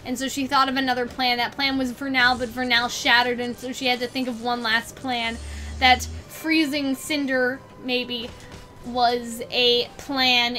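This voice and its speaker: A woman's voice: a little high, sharp tone. A woman host losing her voice, casually rambling through an analysis and asking 'you know what I mean' over and over.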